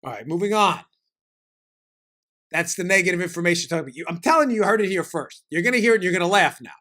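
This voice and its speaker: A man hosting a political talk show, giving rapid, sarcastic commentary and asking mock questions he answers himself. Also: high voice. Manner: rapid, sarcastic, jokey and animated.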